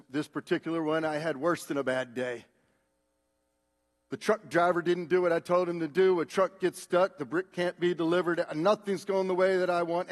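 A man preaching a sermon, moving between hushed, slow words and loud, drawn-out exhortation. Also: a little high. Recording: long reverb of a large hall.

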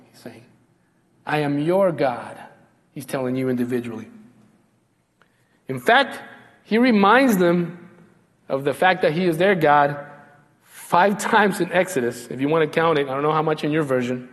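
Man preaching in a reverberant hall. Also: sing-song. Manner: slows down and drops low when quoting God. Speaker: pastor. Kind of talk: sermon.

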